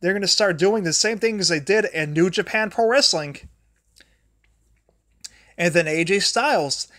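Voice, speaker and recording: A young man with a high voice hosts his own livestream. He talks in a loose, rambling way, often trailing off and starting sentences over. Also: a bit bright, no room sound, clean studio sound. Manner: rambling, restarts and repeats words often; grumbles at a failing charger mid-talk. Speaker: livestream host. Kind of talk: rambling solo livestream talk.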